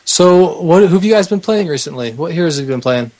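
Male podcast guest, slightly higher pitch, hesitant and halting. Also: lively intonation, a little mellow. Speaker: podcast guest, website developer. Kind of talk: casual interview answers.

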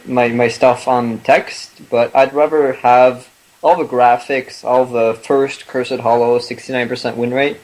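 A man's voice: mid-range voice, rough recording. A man on a podcast panel, chatting about games in a laid-back way with lots of fillers. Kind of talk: casual gaming chat.

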